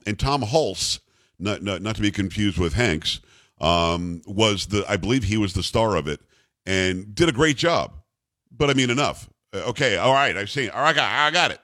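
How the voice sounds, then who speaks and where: A man's voice: lowish voice, fairly bright tone, no echo, clean studio sound. A middle-aged man hosting a radio talk show, rambling and teasing his co-hosts. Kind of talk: casual talk radio banter. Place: radio studio.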